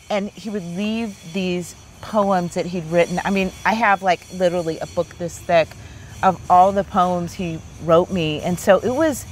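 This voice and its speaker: A woman in her fifties, a therapist hosting, telling a personal story in a relaxed, animated chat. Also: on the low side, a little hiss or hum. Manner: chatty, animated storyteller with many "like"s. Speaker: therapist and host.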